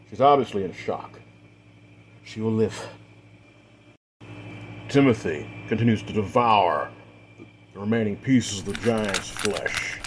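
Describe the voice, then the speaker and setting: A man narrating a dark fantasy tale, leaning into the action beats and often tying events together with repeated linking phrases. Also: on the low side, slight background noise. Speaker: storyteller. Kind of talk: dramatic fiction narration.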